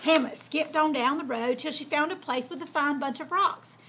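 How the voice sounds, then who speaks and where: A woman hosting a storytime, reading a children's tale aloud in a folksy, lively way. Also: high-pitched, normal speed, slight background noise. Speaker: storyteller host.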